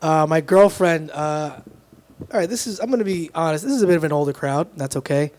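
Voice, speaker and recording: A young man works the room at an open mic in a small club, speaking into a handheld stage mic. His voice sits high for a man, and he ribs the crowd and himself as he goes. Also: brisk, a little mellow. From Dominican heritage, grew up in Texas area. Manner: self-deprecating, crowd-teasing punchlines. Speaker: stand-up comedian. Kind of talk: open mic stand-up comedy. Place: small live music club.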